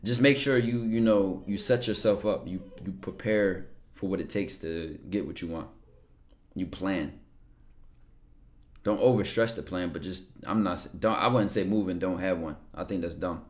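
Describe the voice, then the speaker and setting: A man's voice: low voice, moderate pace. A young man talking casually on a stream, answering viewer questions bluntly with lots of slang and cursing. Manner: blunt, slangy, curses freely, repeats words. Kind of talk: casual livestream talk.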